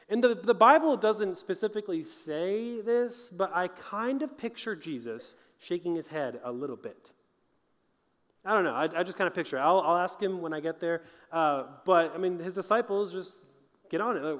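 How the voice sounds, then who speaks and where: High-voiced man speaking in a chapel. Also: lively intonation, moderate pace, a bit bright, in a large hall. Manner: earnest, conversational, emphatic. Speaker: motivational speaker. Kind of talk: chapel talk to college students. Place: large college chapel.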